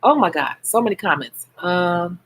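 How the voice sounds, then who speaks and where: A woman with a Chicago accent talks casually on a live stream, giving frank nail-business advice and reacting to viewer comments. Her voice sits a little low for a woman. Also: animated, normal speed, a bit bright, breathy edge.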